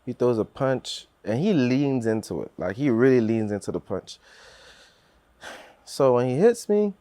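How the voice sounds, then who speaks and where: A man's voice: mid-range voice, sing-song, unhurried, dark tone, no room sound. A man telling a personal story on a podcast in earnest, acting out what others said, with many restarts.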